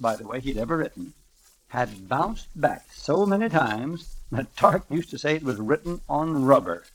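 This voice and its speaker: Man, radio storyteller, somewhat high voice, emphatic. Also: low-quality recording. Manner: emphatic, theatrical delivery.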